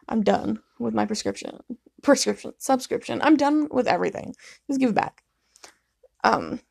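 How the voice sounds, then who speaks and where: A woman's voice: a little high, gravelly, a little mellow, dry recording, clean studio sound. A young woman hosting a casual solo podcast from her living room late at night, sleepy and yawning, rambling and apologetic, laughing often. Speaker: podcast host.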